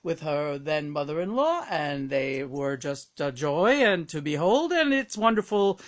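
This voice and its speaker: A woman channeling the spirit of a famous late male actor, speaking in a polished, theatrical, loud way. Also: low voice, sing-song, a little slow. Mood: gracious.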